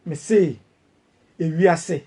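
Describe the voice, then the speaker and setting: A man's voice: on the high side, slow, dark tone, slightly rough. A Ghanaian man hosting a panel, pressing the point and repeating himself.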